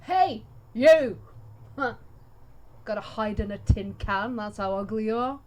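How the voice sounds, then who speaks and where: A woman doing a brash bard shouting taunts. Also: medium pitch, animated, unhurried, a little hiss or hum, close to an everyday voice. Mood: taunting. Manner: loud brash mockery.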